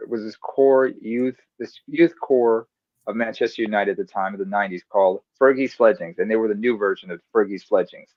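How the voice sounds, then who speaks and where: A male podcast co-host in casual sports chat, telling animated stories and drifting onto tangents. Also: mid-range voice, no echo. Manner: animated storyteller, goes off on tangents. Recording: dull, dry lo-fi sound.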